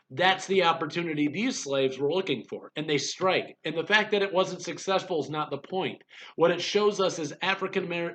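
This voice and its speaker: A man's voice: fairly high pitch, a bit bright, a little hiss or hum, low-quality recording. A man giving a recorded history lecture in a conversational way, with fillers and restarts, sometimes acting out quoted voices. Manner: acts out quoted voices to make points. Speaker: history instructor.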